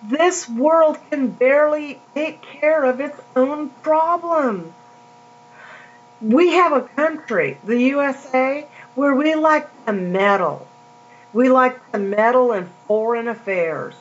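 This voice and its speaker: A woman giving a casual sermon, reading scripture slowly and drawn out between chatty asides. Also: high voice. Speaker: preacher. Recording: dull lo-fi recording with mains hum.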